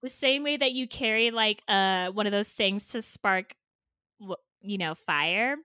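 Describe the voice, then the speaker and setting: A woman co-hosting a comedy podcast with her sisters, talking in an animated, playful sales-pitch style. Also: a little slow, clear, resonant tone, dry recording, clean studio sound. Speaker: podcast co-host. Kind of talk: comedic sibling banter.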